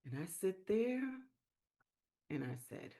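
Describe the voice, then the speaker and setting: A woman hosting a live-stream business training, telling stories in a lively way and acting out the quotes. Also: fairly low pitch, slow pace. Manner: lively storyteller, acts out quotes. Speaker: sales training host.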